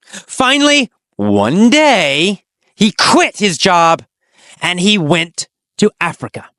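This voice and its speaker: Slow, animated storytelling English teacher. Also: no echo, clean studio sound. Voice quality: slow, exaggerated storytelling delivery with dramatic pitch swings. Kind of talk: teaching story with repeated questions and answers.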